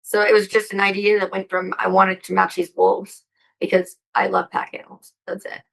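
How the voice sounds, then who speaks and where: Female interview guest, gravelly tone, excitable and profane, rambling delivery. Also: mid-range voice, normal speed, low-quality recording. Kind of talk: casual interview chat.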